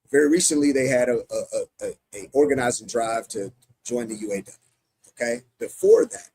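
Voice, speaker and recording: A man's voice: mid-range voice, darkish tone, husky, no room sound, poor audio. A middle-aged American man, a union president, answering interview questions emphatically, often restarting his sentences. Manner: emphatic, many repeated restarts.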